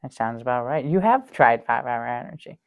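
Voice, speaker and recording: An actor playing a naive, dim-witted male sidekick who rambles earnestly with many halting ums in an improv comedy sketch. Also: mid-range voice, lively intonation, creaky, no room sound. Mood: sheepish. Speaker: show regular.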